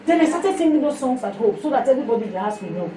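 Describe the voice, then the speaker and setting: A woman with a Nigerian accent giving a sermon mixed with her own testimony, telling stories in an animated way. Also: high voice, very fast. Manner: storytelling, animated, breaks into song. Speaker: fellowship speaker. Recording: echoey room, mic heard from a distance, faint noise.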